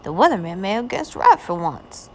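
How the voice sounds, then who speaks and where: A woman's voice: mid-range voice, sing-song, moderate pace, darkish tone. A woman voicing a playful, joking middle-aged husband in a children's storybook. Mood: teasing. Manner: teasing.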